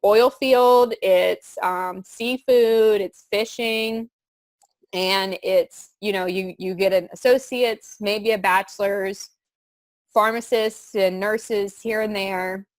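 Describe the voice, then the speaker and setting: A woman's voice: medium pitch, steady tone, takes it slowly, no echo. Young woman, earnest, rambling, dry close sound. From southern Louisiana. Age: young adult. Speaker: student giving a testimonial. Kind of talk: candid testimonial chat.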